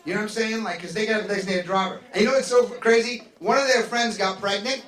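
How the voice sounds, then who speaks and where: A male stand-up comic with a very high voice races through his set on a comedy club stage, animated and acting out other people's voices. The mic is distant, the club echoes, and the audience laughs in the background.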